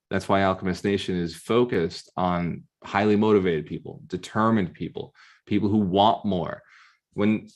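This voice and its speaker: A man giving a motivational coaching talk as a real estate mentor, punchy and firing rhetorical questions at his students over a video call. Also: on the low side.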